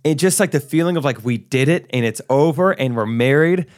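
A young man co-hosting a podcast, telling wedding stories in casual chat and acting out quotes with excitement. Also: on the high side, fairly quick. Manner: storytelling, excitable, acts out quotes. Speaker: podcast co-host.

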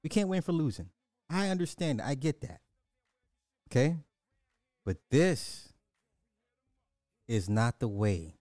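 A man's voice: medium pitch, slow pace, long pauses, dry recording, studio quality. A man hosting a reaction video, talking casually with jokes and bursts of laughter. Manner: animated, joking, breaks into laughter.

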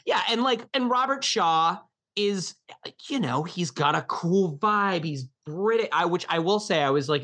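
A man's voice: a little high, very animated, moderate pace, fairly bright tone. A man co-hosting a casual film podcast, talking in an easygoing, rambling way with casual swearing. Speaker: podcast co-host.

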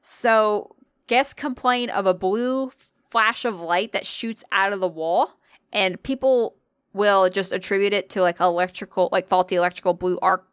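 A woman's voice: mid-range voice, moderate pace, clean tone, no echo, clean studio sound. A young woman co-hosting a casual podcast, telling ghost stories in a chatty way, swearing and laughing often. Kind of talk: casual chat.

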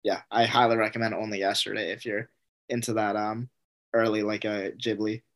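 A man chatting casually on a podcast, relaxed and hesitant, with many fillers. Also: on the low side, a little fast.

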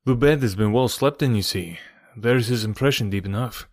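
A man's voice: mid-range voice, moderate pace, no room sound, clean studio sound, close to an everyday voice. A man doing a hearty police inspector.

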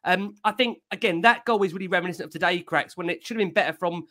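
A man's voice: high-pitched, fast talker, bright, forceful tone. A man hosting a fan podcast, steering the talk to guests and reviewing the match. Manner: conversational, steering, slightly hesitant. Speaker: podcast host.

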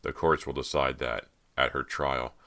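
A man with a very deep voice reading the lines of a stern, grave judge who is also the father, speaking firmly. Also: level tone, measured pace, sharp tone, heavily acted. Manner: grave, firm.

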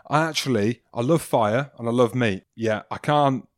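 A man's voice: medium pitch, normal speed. A man co-hosting a podcast in casual banter, teasing and self-mocking as he rambles. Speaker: podcast co-host.

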